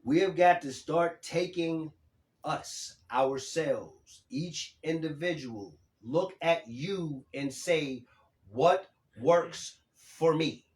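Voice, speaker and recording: Drawing out his words in a slightly high voice, a man in his fifties reads viewer comments on a casual livestream and answers them emphatically, with casual cursing. The room sounds echoey.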